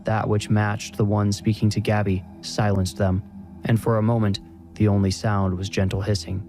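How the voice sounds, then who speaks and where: A man narrating a horror story in a measured, even storytelling manner. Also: fairly low pitch, faint music behind.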